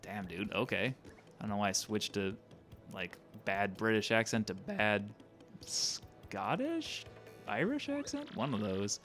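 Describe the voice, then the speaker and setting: A man's voice: lowish voice, flat delivery, normal speed, fairly bright tone, soft background music. A man streaming a game, chatting casually in a loose, joking, self-deprecating way and swearing now and then. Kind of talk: casual let's-play commentary.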